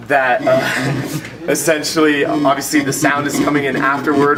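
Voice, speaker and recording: A man's voice: mid-range voice, fairly even intonation, a little slow. Young man presenting, far from the mic. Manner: casual, hesitant, many fillers, chuckles at glitches. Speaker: student presenter. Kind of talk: class project presentation with live demo. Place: classroom. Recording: distant mic with clear background noise.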